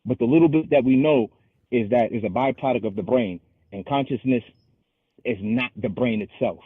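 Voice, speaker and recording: A man with a husky voice argues his point in a loose, halting way, often restarting and slowing down to recite scripture. The sound is dry and tinny, as if it came over a phone line. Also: medium pitch, no echo. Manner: argumentative, halting, restarts and slows to quote scripture. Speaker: call-in show host. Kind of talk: casual debate.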